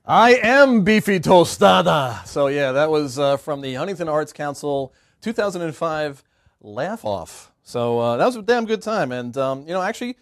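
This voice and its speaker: A man chats casually as host, rambling and hesitant. His voice sits a little high. The recording is dry and close. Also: animated, normal speed, smooth, dry recording. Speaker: show host. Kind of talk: casual talk to camera.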